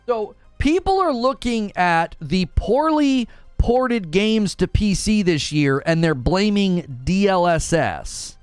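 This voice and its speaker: Animated man ranting on a livestream. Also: sits high, slow, few pauses, clear, resonant tone, no echo, faint music behind. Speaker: gaming livestream host. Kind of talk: casual livestream chat.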